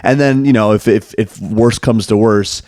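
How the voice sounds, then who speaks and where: A man co-hosting a podcast, chatting casually in a self-mocking, animated way with frequent laughter. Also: fairly low pitch, normal speed, no room sound, studio quality. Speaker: podcast co-host. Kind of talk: casual chat.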